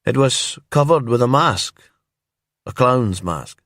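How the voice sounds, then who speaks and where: A man's voice: medium pitch, lively intonation, slow, a bit bright, no echo, clean studio sound, voice pushed up, full character voice. A man playing a terse, stubborn island man. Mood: guarded. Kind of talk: calm storybook narration.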